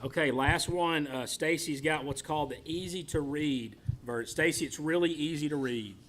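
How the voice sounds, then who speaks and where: A man's voice: a little high, normal speed, fairly bright tone, slight background noise. A man leading a church Bible class in a chatty, joking way. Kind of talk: casual church class talk.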